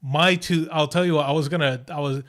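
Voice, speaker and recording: A man's voice: fairly high pitch, fairly even intonation, a little fast, a bit bright. A man hosting a casual livestream chat, talking in a rambling way with lots of restarts and fillers. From Australia. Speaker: host.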